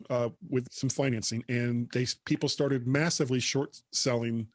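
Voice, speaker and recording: A man's voice: mid-range voice, fairly even intonation, moderate pace, few pauses, no room sound, clean studio sound. A man co-hosting a tech podcast, chatting casually and laughing as he reads out the news. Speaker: podcast co-host. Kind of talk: casual chat.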